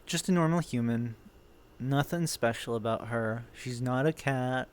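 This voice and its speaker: A man's voice: mid-range voice, measured pace. A man streaming a roleplay game, chatting casually and swearing freely. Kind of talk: casual chat between roleplay scenes.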